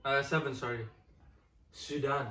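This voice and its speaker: A man's voice: mid-range voice, steady tone, measured pace, bright, forceful tone. Guy hosting a podcast with his boys, poking at them with blunt questions, echoey room. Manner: runs through the list, asks blunt questions. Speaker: podcast host. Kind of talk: casual chat. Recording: roomy echo, distant mic, crowd noise.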